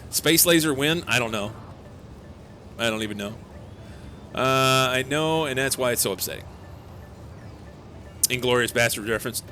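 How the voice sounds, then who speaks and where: A man's voice: mid-range voice, pushed and bright. Chatty male game streamer over music. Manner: rambling, chatty, reads chat aloud. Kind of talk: casual live-stream commentary.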